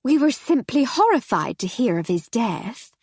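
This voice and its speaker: Woman doing a shrill, domineering society wife. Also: big pitch swings, moderate pace, husky, no room sound, studio quality, heavily acted. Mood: sharp, fussing. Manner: shrill, sharp and fussing. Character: gaudy, domineering upper-class wife in her fifties.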